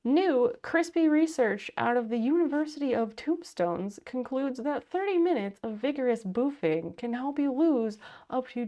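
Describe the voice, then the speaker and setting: A woman putting on a newscaster voice to read absurd mock headlines in a deadpan way. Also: on the high side. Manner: deadpan newsreader delivery. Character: mock TV news anchor reading silly headlines.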